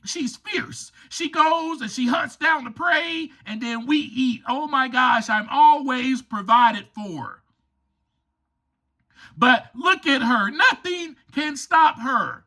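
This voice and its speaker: A man's voice: very high voice, animated, takes it slowly, pushed and bright, heavily acted. A man voicing a young lion cub who speaks in wide-eyed, admiring exclamations.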